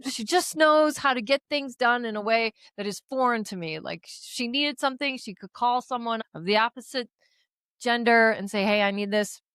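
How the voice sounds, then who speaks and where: A woman's voice: on the high side, normal speed, a bit bright, clean tone, dry recording. A woman co-hosting a podcast, telling a story in casual chat, acting out the dialogue, swearing and laughing often. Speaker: podcast co-host.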